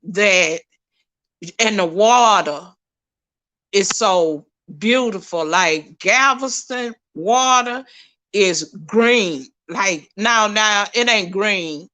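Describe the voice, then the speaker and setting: A middle-aged woman, chatting with viewers on a livestream in a folksy, animated way. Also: medium pitch, extremely slow. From Texas, USA. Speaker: livestream host. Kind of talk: casual chat with viewers.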